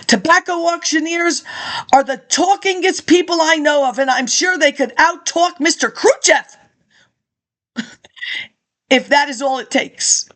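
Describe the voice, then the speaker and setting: A woman reading an old political speech aloud and breaking off into chatty, rambling asides with laughs and throat clearing. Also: sits high, measured pace, pauses often, a bit bright. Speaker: reader of archive documents.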